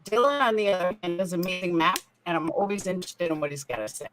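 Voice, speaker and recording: A woman's voice: on the low side, expressive, fast, fairly bright tone, slight background noise, poor audio. A woman hosting her own livestream, chatting casually and directly to her viewers over a call connection that cuts in and out. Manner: chatty, apologetic, talks straight to viewers. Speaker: YouTube channel host. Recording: connection cutting in and out.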